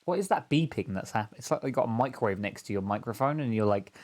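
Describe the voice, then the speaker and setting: A man at an ordinary, middle pitch chatting through a hunting game with a friend. He rambles from joke to joke and laughs often. The talk is loose, casual stream banter. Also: lively intonation, fast talker, darkish tone. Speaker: co-player on a stream.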